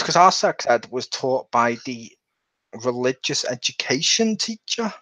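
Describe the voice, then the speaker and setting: A man chatting casually on a podcast, telling lively stories and acting out other people's voices. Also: medium pitch, unhurried, no echo. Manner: animated storyteller who acts out quotes in different voices. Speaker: podcast co-host. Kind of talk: casual chat. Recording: dull, lo-fi sound.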